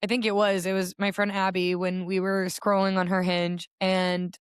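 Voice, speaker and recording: Smooth-voiced young woman chatting on a podcast. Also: medium pitch, little pitch movement, moderate pace, dry recording, studio quality. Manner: chatty, upbeat, lots of "like". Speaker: podcast co-host. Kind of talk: casual chat.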